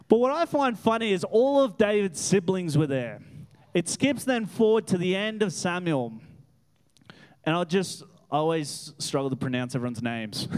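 A man preaching a lively, animated sermon in church as guest pastor. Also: on the high side, clear, resonant tone. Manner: animated, laughing, acts out voices. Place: church hall with congregation.

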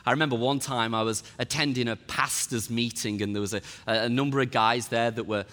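A middle-aged pastor sharing a personal testimony in an emotional voice that rises high and tearful. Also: male voice, fairly even intonation, brisk, bright, forceful tone. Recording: long reverb with faint music.

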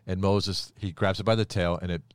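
A middle-aged man with a very low voice tells a story on a podcast and acts out each character as he goes. The sound is dry and close, as if recorded in a small studio. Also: brisk, clear, resonant tone, no echo. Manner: animated storyteller who acts out the quoted lines. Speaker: podcast host. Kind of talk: casual Bible storytelling chat.

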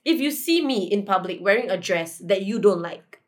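Candid, animated young woman guest. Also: medium pitch, normal speed. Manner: candid, animated, laughs often, acts out quoted people. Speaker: influencer guest. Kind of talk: casual podcast chat.

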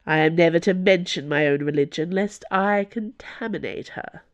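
A woman voicing a scheming, silver-tongued male noble held prisoner, speaking in a measured, wistful way. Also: fairly low pitch, close to an everyday voice.

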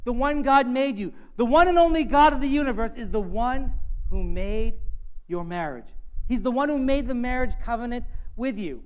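High-voiced male pastor preaching. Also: animated, normal speed, smooth, dull audio. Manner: earnest preaching, acts out voices of people and God. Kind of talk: sermon.

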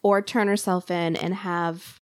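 A woman's voice: fairly low pitch, little pitch movement, measured pace, no echo, studio quality. A woman hosting a podcast, recounting a true crime story in a casual, chatty way with frequent fillers. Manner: conversational, lots of "like" and fillers.

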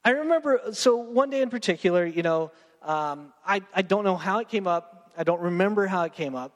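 A man's voice: high voice, expressive, a little fast, big-room sound. A young man, preaching a sermon in a casual, joking way and talking straight to his congregation. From Texas. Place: church sanctuary.

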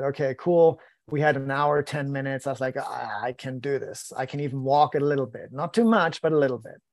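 A man's voice: mid-range voice, no room sound. A man, a podcast guest, telling a story in casual chat, acting out quoted lines with self-deprecating humor. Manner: lively, acts out quoted dialogue, self-deprecating.

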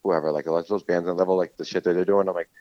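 A man hosting a casual chat who swears a lot and tells animated stories. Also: deep voice, quick pace, dry recording, dull audio. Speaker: podcast host.

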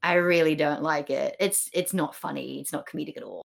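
A woman's voice: low-pitched, fairly quick, creaky, loud music behind the voice. A woman co-hosting a podcast, chatting casually about a play with many fillers and acted-out quotes. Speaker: podcast co-host.

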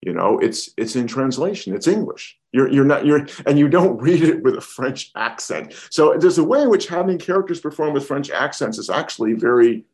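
A man's voice: mid-range voice, very animated, normal speed, hardly any pauses, a little mellow. A man co-hosting a podcast, talking through a film in a thoughtful way and often restarting sentences as he builds his point. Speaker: podcast co-host. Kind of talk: casual film discussion.

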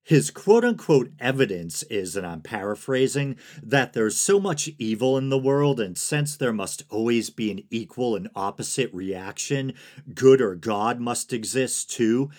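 A man hosting a solo podcast, talking in a monotone, sedated way with dry, sarcastic asides and soft laughs. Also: mid-range voice, a little slow. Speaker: podcast host.

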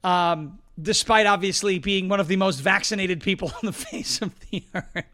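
A middle-aged man hosting a political talk show, talking quickly and emphatically, repeating his points and joking between ad reads. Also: high-pitched, noisy background. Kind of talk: casual political commentary and ad reads.

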